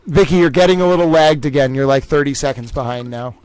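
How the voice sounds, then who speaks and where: A man hosting a livestream trivia game, reading out names and scores and chatting with viewers in a lively way. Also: on the high side, fast, smooth. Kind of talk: casual livestream chat.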